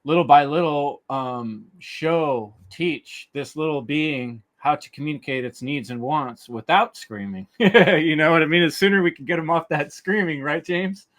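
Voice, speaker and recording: A man hosting a podcast roundtable, friendly and animated as he hands the talk between guests. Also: on the high side, measured pace, hardly any pauses. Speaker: podcast host. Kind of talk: casual roundtable chat.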